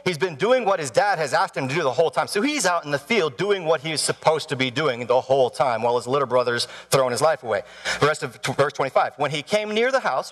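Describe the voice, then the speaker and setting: Animated male pastor preaching in a hall. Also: a little high. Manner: animated storytelling, asks the audience questions. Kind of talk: sermon. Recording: long hall reverb.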